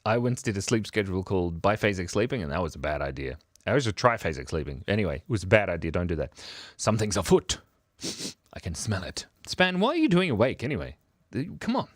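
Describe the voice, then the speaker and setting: A middle-aged man hosts a casual drawing livestream, rambling from one silly thought to the next and joking with his chat. His pitch swings widely up and down as he talks. The sound is dry and close, with no room echo. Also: big pitch swings, brisk. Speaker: livestream art host.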